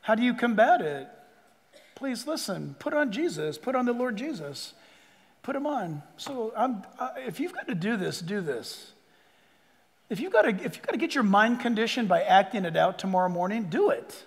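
An older man preaching a sermon, swinging between loud bursts and hushed asides and joking with the crowd. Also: high-pitched, sing-song, moderate pace, long reverb tail. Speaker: pastor.

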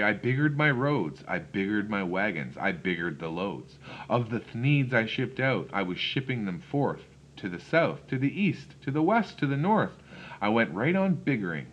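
Male storyteller, low voice, very animated rhythmic reading, slightly muffled recording with faint hiss. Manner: expressive, rhythmic first-person reading. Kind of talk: read-aloud rhyming storybook narration.

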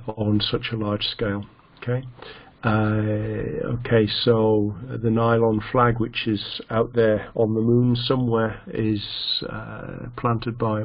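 Man, teacher, halting lecture, low flat voice, dull lo-fi sound. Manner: slow and halting, many fillers and restarts. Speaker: English teacher. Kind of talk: online lecture.

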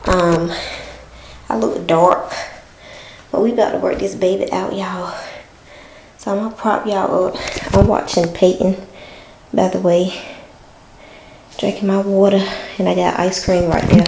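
A woman's voice: mid-range voice, little pitch movement, unhurried, vocal fry, pauses often, mellow, reverberant, a little hiss or hum, rough recording. A pregnant woman, chatting to her viewers in a casual vlog, out of breath from working out at home. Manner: chatty, addresses viewers as y'all. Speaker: vlogger. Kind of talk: casual vlog chat to camera. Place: bedroom in her mother's house.

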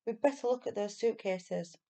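A woman's voice: a little high, normal speed, gravelly, mellow. A woman reading aloud and voicing a brave young boy who speaks urgently and pleads. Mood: eager.

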